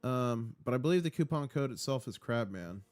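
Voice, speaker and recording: A man's voice: mid-range voice, lively intonation, fairly quick, a little mellow, no room sound. A man hosting a casual live stream, reading out viewer comments in an upbeat, rambling way. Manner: rambling, with fillers and restarts. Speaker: livestream host.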